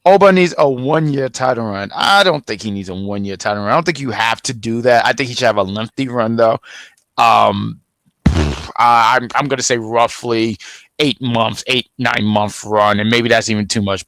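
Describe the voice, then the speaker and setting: A man co-hosting a wrestling review show in casual chat, rambling and animated with frequent restarts. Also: mid-range voice, normal speed, no room sound. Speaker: wrestling review podcast co-host.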